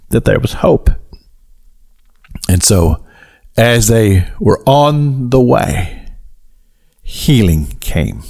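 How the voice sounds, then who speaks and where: A middle-aged male pastor giving a radio sermon, slow and deliberate, building to emphatic highs as he tells the story. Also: wildly swooping pitch, darkish tone.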